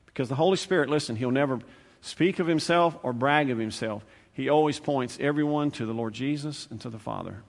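A man's voice: medium pitch, a little fast, gravelly, few pauses. Man preaching in a reverberant church. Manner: conversational preaching, shifts from loud to hushed, repeats phrases. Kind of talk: sermon. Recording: long hall reverb.

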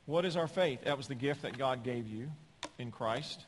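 A man preaching a sermon in a church, emphatic, with folksy humor and loud peaks on key words. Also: mid-range voice, normal speed, a little hiss or hum. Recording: long hall reverb.

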